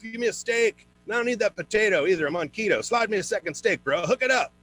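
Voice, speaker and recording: A man's voice: lively intonation, fast talker, a bit bright, faint music behind. A man putting on a pushy bro begging for steaks. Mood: demanding. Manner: chummy, pushy, high put-on voice. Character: pushy young male gym-bro diner, demanding steaks.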